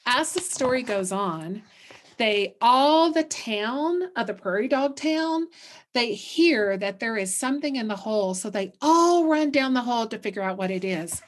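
Brief: middle-aged female literacy teacher, slightly high voice, slow expressive read-aloud with prompting questions. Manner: expressive storybook reading with questions to listeners. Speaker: literacy coordinator. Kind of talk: reading a picture book aloud as a lesson.

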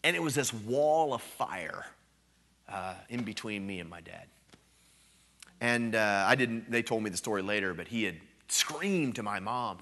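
A man in his thirties preaching at a revival, telling a personal story with animated, emphatic delivery. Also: on the low side. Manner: animated storytelling, rising to loud emphatic peaks. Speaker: guest preacher. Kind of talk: revival sermon.

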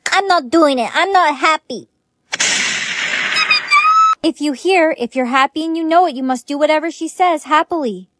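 A woman's voice: high-pitched, moderate pace, pauses often, very noisy, close to an everyday voice. A text-to-speech woman voicing a chanting teen girl. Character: teenage girl chanting a deadly game.

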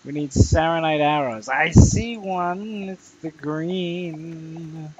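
A man's voice: a little high, takes it slowly, a little hiss or hum, low-quality recording. A young man giving crude, rambling let's play commentary, swearing constantly and muttering at the enemies he fights. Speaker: gamer playing solo.

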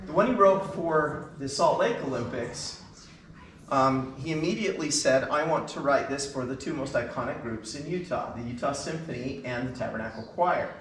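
A man's voice: mid-range voice, normal speed, a bit bright, a little hiss or hum. Enthusiastic man telling stories in an echoey hall. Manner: enthusiastic anecdotal storyteller, many fillers. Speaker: band concert speaker. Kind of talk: storytelling from stage. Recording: echoey hall, mic at a distance.

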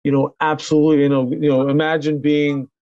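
A man's voice: a little high, level tone, brisk, dry recording, highs cut off. A middle-aged man, a chiropractor, telling his story in a casual interview with many restarts and fillers. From New York. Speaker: chiropractor guest.

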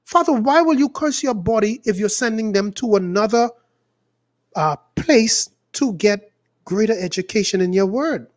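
A male pastor preaches with fervor, and his voice sits fairly high for a man. He swings between loud climbs and low, drawn-out phrases, slowing right down on the words he wants to land. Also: animated. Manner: fervent, rising and falling, stretches words for emphasis. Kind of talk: preaching prayer and sermon.

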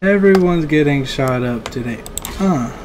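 Woman gamer, low and unhurried, mutters trash talk over gameplay; desk mic with clear typing noise. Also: animated. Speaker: gaming video creator. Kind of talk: casual gameplay commentary. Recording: audible keyboard typing and room noise.

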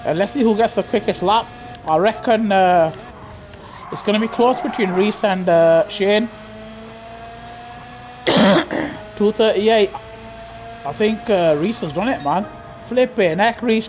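A man with a high-pitched, darkish voice speaks slowly with long pauses while livestreaming a racing game from his home setup. Using a gaming headset, with faint game noise behind him, he chats casually, says "man" a lot, and battles a dry throat and coughing fits.

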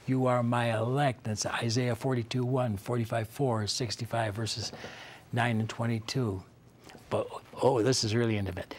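Husky older preacher, dramatic swings. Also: male voice, mid-range voice, steady tone, moderate pace. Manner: dramatic swings from shouts to whispers. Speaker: televangelist host. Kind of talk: fiery preaching commentary.

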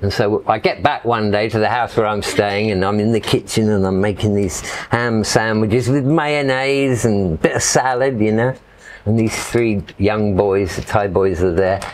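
A middle-aged Englishman with an English accent, a guest in an interview, tells stories in a casual, meandering way, often saying "you know." His voice is fairly low and his pace moderate.

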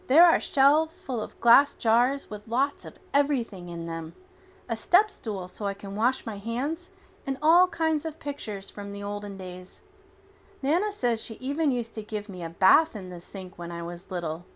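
A woman reading a children's picture book aloud in an expressive, childlike storytelling manner. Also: a little high, measured pace.

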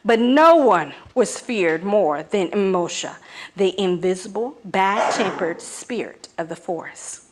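A woman reading a folk tale aloud, with expressive, dramatic storytelling. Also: medium pitch, takes it slowly, background noise.

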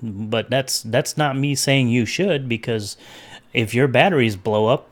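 A man's voice: medium pitch, a little slow. Rambling man hosting a webcam livestream. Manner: rambling, greets chat viewers by name. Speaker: livestream host. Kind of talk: casual livestream chat.

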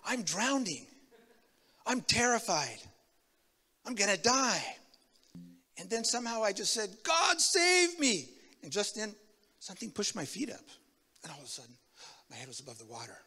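A man from Tacoma, Washington, giving a sermon with his personal testimony, telling it in an animated way that swings from loud to hushed. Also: high-pitched, normal speed, long pauses, slightly rough, big-room sound. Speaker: guest preacher. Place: church sanctuary.

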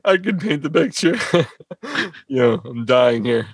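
A man's voice: mid-range voice, lively intonation, a little slow, gravelly, slightly rough, dry recording. A man co-hosting a podcast, easygoing and teasing, laughing often. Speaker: podcast co-host. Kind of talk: casual podcast chat.

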